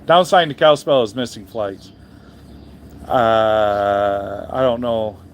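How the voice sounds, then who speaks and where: A man's voice: lowish voice, slow, slight background noise. A man chatting casually on a livestream, answering his chat in a rambling, blunt and heavily profane way, with frequent restarts. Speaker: trucker streamer reading chat.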